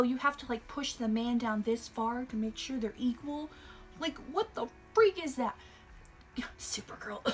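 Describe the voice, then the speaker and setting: A young woman vlogger delivering an exasperated, sarcastic movie review rant, sounding a little tired. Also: sits high. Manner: sarcastic, exasperated, animated ranting.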